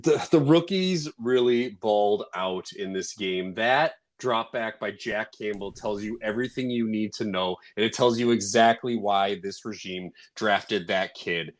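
Male co-host, animated and rambling, very lively pitch. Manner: animated, excitable, rambling with fillers. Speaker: podcast co-host. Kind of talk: casual sports podcast chat.

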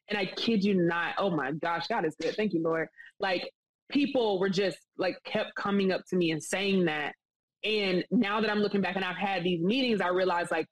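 A woman's voice: lowish voice, normal speed, no echo, low-quality recording. A woman speaking as an interview guest, earnest and enthusiastic, talking at length in a casual, rambling way.

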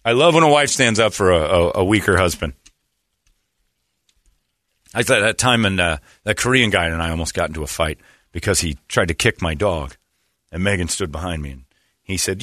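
A man from Indiana hosting a sports talk show, mocking and animated, slipping into put-on voices. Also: low-pitched, moderate pace, long pauses, no room sound, clean studio sound. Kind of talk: casual sports banter.

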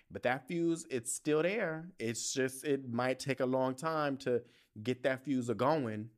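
A man's voice: medium pitch, measured pace. A young adult man hosting a podcast, venting in a heated, profane and story-driven casual monologue. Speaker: podcast host.

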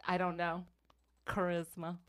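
A woman's voice: fairly low pitch, completely flat delivery, a little slow, fairly bright tone. A woman from the Baltimore area co-hosting a podcast with her sisters, chatting casually, rambling and laughing often. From Baltimore, Maryland area. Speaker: podcast co-host. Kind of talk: casual chat among sisters.

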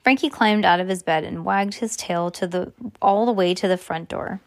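A woman narrates a first-person story in a steady, earnest tone. Her voice sits on the low side. The recording is close and completely dry. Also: moderate pace, no room sound. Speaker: audiobook narrator.

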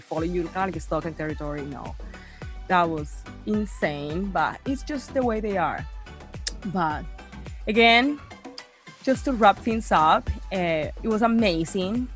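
A woman telling a story in casual chat, animated, acting out quotes and saying "like" a lot. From Bay Area. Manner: animated, acts out quotes in a high voice, lots of "like".

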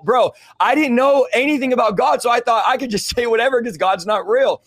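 A man's voice: extremely high pitch, fairly quick, fairly bright tone, no echo. A young man from California telling a fervent, casual story, using slang like "bro" and "dude". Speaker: guest telling his testimony. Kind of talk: conversational interview storytelling.

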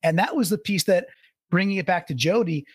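A man's voice: high-pitched, expressive, fairly quick, breathy edge, no echo. A man co-hosting a casual sports talk show, rambling and laughing as he talks. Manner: rambling, restarts, laughs while talking. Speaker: sports podcast co-host.

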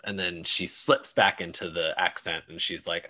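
Dude co-hosting a chat show, low-ish voice but bright, says like a lot. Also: male voice, moderate pace, hardly any pauses. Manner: relaxed, says like and you know a lot. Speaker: podcast co-host. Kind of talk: casual chat.

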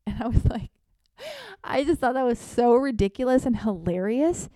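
A woman telling a funny personal story in an animated, self-deprecating, theatrical way. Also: a little high, moderate pace, dry recording. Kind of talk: comedic storytelling monologue.

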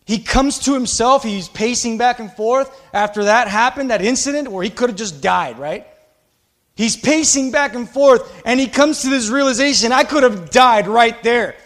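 A male pastor preaching a sermon with passion, swinging between loud exhortation and quiet, confiding asides. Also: extremely high pitch, normal speed.

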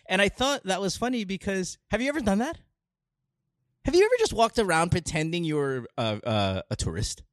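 Lively Filipino man hosting a chat. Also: sits high, a little fast, dry recording, clean studio sound. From Philippines. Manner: lively, laughing, rambling. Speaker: podcast host. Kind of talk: casual chat.

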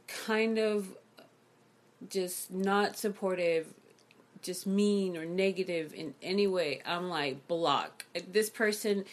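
A woman with a slightly low voice chats as the host of her own show, speaking into a condenser mic over a video call. She tells stories with energy and puts on the voices of the people she quotes. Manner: animated storyteller who acts out quoted people. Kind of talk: casual chat.

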